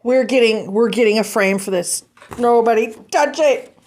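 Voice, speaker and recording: A woman's voice: fairly high pitch, normal speed, a little mellow, a little hiss or hum. A woman hosting a casual vlog, chatting while opening fan mail and gushing with sentimental thanks. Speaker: vlog host.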